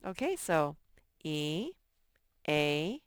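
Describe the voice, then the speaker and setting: A woman teacher records a phonics lesson for young children, her low voice clean and swinging widely in pitch. The studio sound is clean with no room sound. Slow and patient, she thinks aloud as she sorts words.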